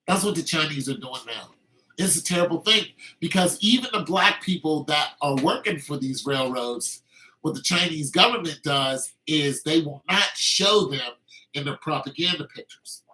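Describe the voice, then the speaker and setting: Male podcast host, fairly high and forceful, heated opinionated monologue. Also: animated, normal speed, rough recording. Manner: heated and emphatic, with frequent restarts.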